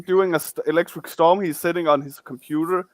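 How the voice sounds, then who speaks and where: A man hosting a casual podcast chat, talking in halting bursts and often repeating words. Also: a little high, fairly even intonation, no room sound. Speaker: podcast host.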